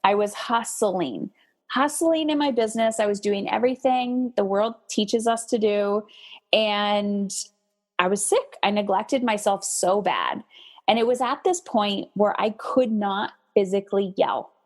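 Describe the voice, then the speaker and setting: A woman being interviewed as a parenting coach, talking candidly and in an animated way, and often acting out her own past words. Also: mid-range voice, unhurried. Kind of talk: conversational interview.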